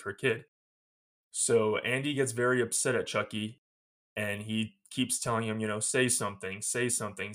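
A man's voice: on the low side, fairly bright tone. A man co-hosting a podcast, casually retelling a film's plot and laughing often as he goes. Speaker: podcast co-host. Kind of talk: casual film recap chat.

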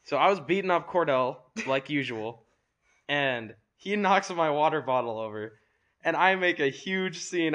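A man's voice: on the high side, moderate pace, a bit bright. A teenage boy co-hosting a podcast, telling school stories in casual chat with lots of fillers and restarts. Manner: rambling storytelling with many fillers. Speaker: podcast co-host.

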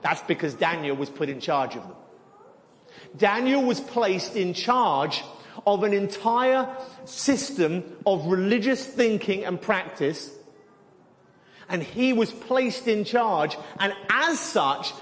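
A man's voice: high-pitched, animated, takes it slowly, a bit bright. A man preaching a sermon, teaching animatedly and often repeating words as he goes. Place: church hall. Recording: long hall reverb.

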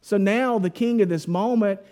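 A man preaching a Bible teaching in a conversational, animated way, full of casual asides. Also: sits high, moderate pace. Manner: conversational and animated, lots of 'like'.

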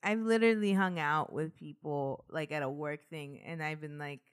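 A woman co-hosting a casual true crime podcast with a slightly low voice. She talks bluntly, swears freely and laughs often. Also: moderate pace, smooth. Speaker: podcast co-host. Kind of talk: casual chat.

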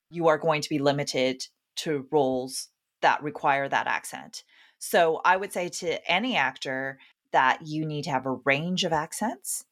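A woman talent agent answering questions frankly and upbeat in a casual panel chat. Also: low-pitched. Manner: frank, upbeat, laughs easily.

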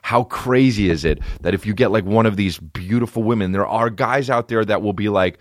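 A man hosting a podcast, telling stories in a rambling, swearing, comedic way and breaking into high, silly voices. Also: fairly quick, few pauses, dry recording, studio quality. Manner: swearing, rambling, jumps into high-pitched impressions. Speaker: podcast host. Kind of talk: casual comedic rambling monologue.

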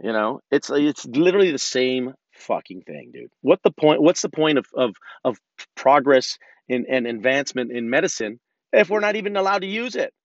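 A man's voice: mid-range voice, animated, moderate pace, no echo. A man in his thirties ranting casually and profanely, rambling with many restarts, in a car. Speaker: vlogger. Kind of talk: casual rant. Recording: dull lo-fi sound.

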